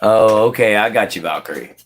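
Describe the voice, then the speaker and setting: Male streamer, casual chat with viewers, animated pitch, easy laughter. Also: fairly quick, slight background noise. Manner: chatty, answers chat by name, laughs often. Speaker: livestream host.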